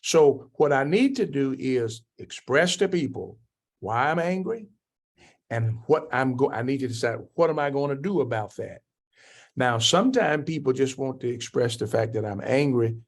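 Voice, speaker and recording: A man's voice: lively intonation, normal speed. An older man teaching a church class on anger, preaching and answering questions from the group. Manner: preaching, acts out quoted speakers with rising pitch.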